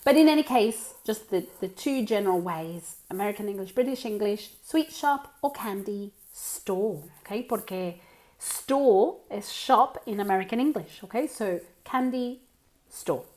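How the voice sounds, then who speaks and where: A woman's voice: mid-range voice, lively intonation, a little slow, a little mellow. An Australian woman teaching English to Spanish speakers in an online lesson, explaining vocabulary patiently, often checking in with "okay?" and switching into Spanish.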